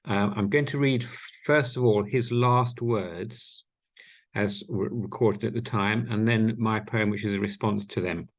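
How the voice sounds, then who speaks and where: A man with a gravelly voice reads his poetry at a deliberate, unhurried pace. The delivery is intense and emphatic, and it comes over a video call. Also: lowish voice, fairly even intonation. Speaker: poet reading his work. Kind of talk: spoken poetry reading.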